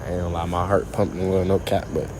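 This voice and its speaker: A man's voice: sits low, little pitch movement, racing, a little mellow. A young man doing street pranks, talking in slang and apologizing a lot. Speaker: prank vlogger. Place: busy city street outdoors. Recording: crowd noise around.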